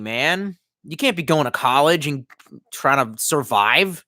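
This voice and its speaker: A man's voice: fairly high pitch, animated, fairly quick, fairly bright tone, dry recording, clean studio sound. Tipsy profane man rambling on stream. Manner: rambling, profane, reads chat aloud. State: tipsy from wine. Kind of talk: casual live-stream chat.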